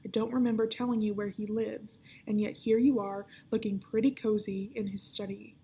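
A wary young boy hero in a storybook, pressing with dry, probing questions in a hushed voice, as a woman reads him. The tone is mellow and gravelly. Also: mid-range voice, steady tone, moderate pace. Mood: suspicious.

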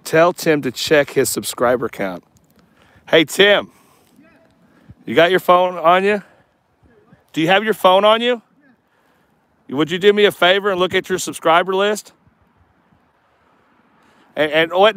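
A man's voice: high voice, measured pace, pauses often, fairly bright tone, rough recording. A man chatting casually during an outdoor live stream, folksy and often laughing. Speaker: vlogger livestreaming a search. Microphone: action camera.

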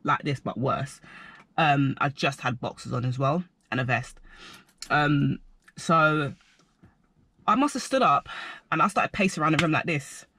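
Bright-voiced man telling a story. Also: a little high, no echo. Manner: rambling, animated, heavy filler words. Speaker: vlogger. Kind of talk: casual storytelling to camera.

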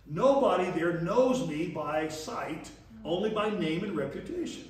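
Folksy preacher in an echoey hall. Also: male voice, sits high, expressive, unhurried. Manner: folksy, chuckling storyteller voicing dialogue. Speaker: pastor teaching leadership. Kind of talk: storytelling sermon lesson. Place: church hall. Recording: echoey distant church room recording.

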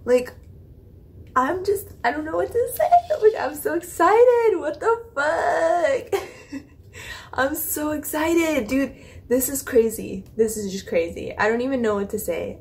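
A young woman with a fairly high voice talks straight to her viewers in a loose, rambling way. She gushes, swears and laughs, piling up fillers and restarts as the excitement spills over. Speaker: reaction video host. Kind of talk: excited casual reaction chat.

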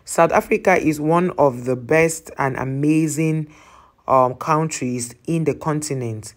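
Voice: medium pitch, measured pace. Host chatting through viewer comments. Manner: chatty, reacts to each comment and explains it to the listener. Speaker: travel channel host.

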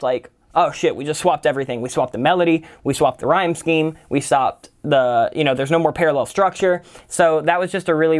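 A man's voice: a little high, clear, resonant tone. Laid-back man explaining songwriting. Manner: relaxed, loose, full of "kind of" and "like". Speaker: songwriting teacher. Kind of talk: casual tutorial explanation.

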